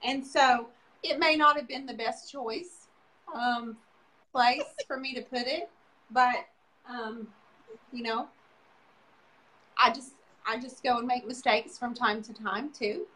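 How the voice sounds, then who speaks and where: Woman co-host explaining a craft demo, high voice, chatty. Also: fairly even intonation, slow pace, long pauses, a bit bright. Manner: chatty, explains her work step by step. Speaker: co-host demonstrating furniture makeover. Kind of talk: casual live demo chat.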